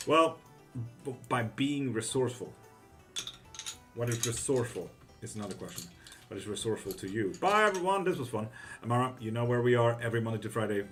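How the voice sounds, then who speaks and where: A man hosting a casual livestream tarot reading who reads viewers' questions aloud and answers them bluntly, swearing freely. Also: mid-range voice.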